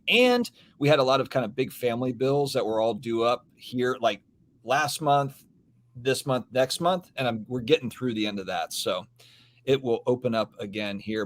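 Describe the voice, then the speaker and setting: Laid-back man hosting a card live stream. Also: mid-range voice. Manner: laid-back, rambling, reads out viewer comments. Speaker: podcast host. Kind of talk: casual live-stream chat.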